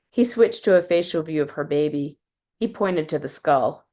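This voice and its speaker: A woman from West Virginia who introduces herself casually, with some halting, then reads her short fiction aloud in a steady way. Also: sits low. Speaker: fiction reader.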